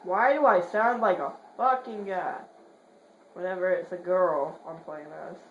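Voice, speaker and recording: A woman's voice: fairly low pitch, lo-fi sound. Profane woman gamer, roomy sound. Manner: profane, swears in rapid repeated bursts; jokey, mutters quietly between outbursts. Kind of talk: horror game commentary. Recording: roomy echo, faint hiss.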